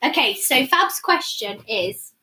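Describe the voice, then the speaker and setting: Young woman, high voice, rambly giggly podcast chat. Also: animated, slow, pushed and bright, echoey room, a little hiss or hum. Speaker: podcast co-host. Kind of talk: casual chat.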